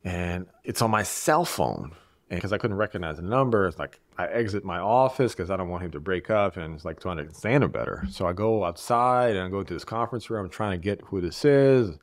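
In a dry recording with no room sound, an Eastern European man speaks as a podcast guest in low, expressive tones. The conversation is casual and reflective, and he talks in a measured way, restarting phrases while he thinks.

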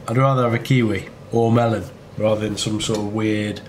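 A man's voice: lowish voice, fairly even intonation, a little fast. A man, chatting casually and wryly as a travel vlogger at a tropical resort. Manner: wry, chatty food-tasting asides. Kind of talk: casual vlog commentary. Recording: background ambience noise.

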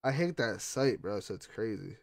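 Excitable young man swearing over a game. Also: lowish voice, moderate pace, creaky. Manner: excitable, swears a lot, laughs often. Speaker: gamer streamer. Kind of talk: casual gaming chat.

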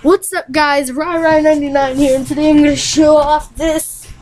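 A woman's voice: high voice, fairly even intonation, moderate pace, faint music behind, voice pushed up, lightly acted. A woman doing a peppy young gamer-guy intro. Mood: hyped. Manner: loud upbeat intro delivery.

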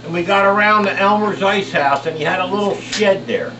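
A man's voice: high voice, brisk, background noise. Older man telling rambling profane stories. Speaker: storyteller among friends. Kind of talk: casual anecdotal storytelling. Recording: echoey, distant, dull, with loud crowd chatter.

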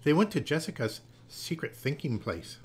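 A man gently and expressively reading a children's picture book aloud. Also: on the high side, sing-song, normal speed, husky. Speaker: storyteller.

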